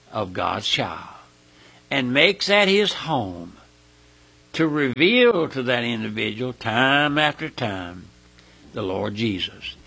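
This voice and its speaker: A man preaching a fiery sermon, emphatic and repetitive, who cries out in sudden high bursts. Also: vocal fry, sharp tone, breathy edge.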